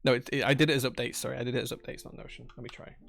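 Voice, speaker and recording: A man's voice: medium pitch, flat delivery, racing, gravelly, background noise. A man hosting a casual live stream from his workshop, thanking viewers and muttering to himself while he fiddles with chat commands. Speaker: livestream host. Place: home workshop.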